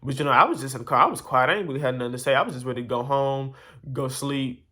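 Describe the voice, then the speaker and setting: Bright-voiced man rambling through a story. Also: mid-range voice, very fast. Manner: rambling, animated, exasperated retelling with many asides. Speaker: vlogger telling a story. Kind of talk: casual storytime monologue.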